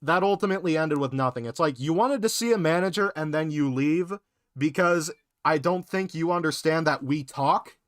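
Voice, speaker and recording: A young man casually telling work stories in a podcast chat, animated and full of profanity. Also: fairly high pitch, moderate pace, no room sound, clean studio sound. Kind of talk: casual storytelling.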